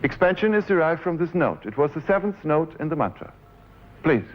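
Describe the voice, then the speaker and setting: A man's voice: fairly high pitch, lively intonation, a little fast. A man in his forties with a German accent, a composer giving a lecture who explains his piece step by step and directs the players, sometimes humming the phrases. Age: 40s. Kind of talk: lecture with live musical demonstration. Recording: dull 1970s lecture recording. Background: faint piano music.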